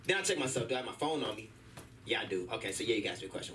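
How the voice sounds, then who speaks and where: A young man performing a stand-up set at an open mic, telling animated stories and acting out the people in them. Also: lowish voice, rapid-fire, recorded from a distance, slight background noise, low-quality recording. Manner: animated storytelling, acting out voices. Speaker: stand-up comedian. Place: comedy club stage.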